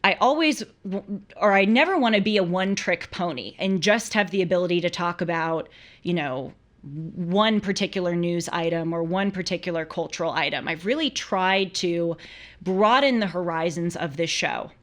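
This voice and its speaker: A woman's voice: lowish voice, moderate pace. A young woman hosts a live call-in show in a casual, chatty way. She talks with animation and laughs often. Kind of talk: casual live-stream talk.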